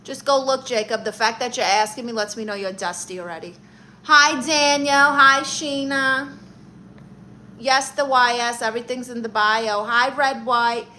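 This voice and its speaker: Brief: bright-voiced, sassy New woman, comic live-stream auntie teasing her chat, faint room hiss. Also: on the high side, fairly even intonation, measured pace, rough recording. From Brooklyn, New York. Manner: sassy, teasing, calls viewers honey and darling. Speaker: livestream host playing an aunt character.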